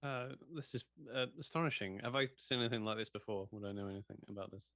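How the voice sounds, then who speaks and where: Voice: mid-range voice, fast talker, a bit bright, dry recording, studio quality. A player in a tabletop game, voicing a flustered, stammering character.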